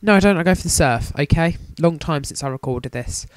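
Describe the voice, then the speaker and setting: Jokey young gamer, dry sound. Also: male voice, fairly high pitch, animated, fairly quick, no echo. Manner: jokey, self-mocking, rambling. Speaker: let's play commentator. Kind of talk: casual game commentary.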